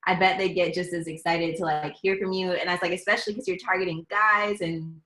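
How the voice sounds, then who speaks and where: A woman with a lowish but bright, forward voice tells her story in a chatty, easygoing way. The sound is roomy, with clear echo around her voice. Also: steady tone, a little fast. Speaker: relationship content creator, guest. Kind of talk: casual interview storytelling.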